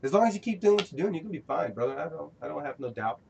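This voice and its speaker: A man's voice: a little high, sing-song, very fast, creaky, a little mellow, highs cut off, slight background noise. A man hosting a casual podcast, rambling and preachy, often restarting his sentences. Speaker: podcast host.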